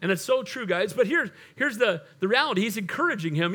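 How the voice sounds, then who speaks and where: A man's voice: sits high, expressive, brisk, pushed and bright. A middle-aged male pastor preaching a sermon, telling stories and acting out the figures in the scripture he quotes.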